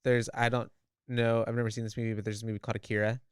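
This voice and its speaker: A man co-hosting a podcast, recapping a film in casual chat with a relaxed, meandering delivery that trails off mid-sentence. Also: medium pitch, racing, clear, resonant tone, no echo, studio quality. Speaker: podcast co-host.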